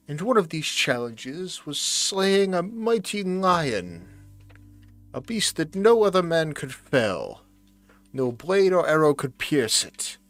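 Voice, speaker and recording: A kindly old seamstress granny leans in and calls her visitor dearie as she tells a legend from her childhood, voiced by a man. Her voice sits well above his own and comes out a little louder. Soft music plays faintly behind her. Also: high-pitched, voice pushed up, full character voice. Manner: gentle storytelling, calls listener dearie. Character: kindly old grandmother seamstress telling tales.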